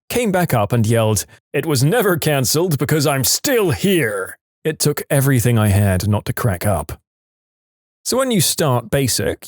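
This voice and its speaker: Man, story narrator, lively swooping pitch, dry close sound. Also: dry recording. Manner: animated, jumps pitch for quoted voices. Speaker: narrator reading listener stories.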